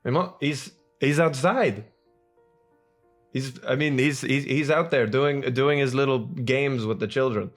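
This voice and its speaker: A man voicing a fond, chiding wife who teases and stammers, slightly higher than his own voice. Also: measured pace, soft background music, natural voice. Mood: reassuring. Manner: stammering, gently teasing.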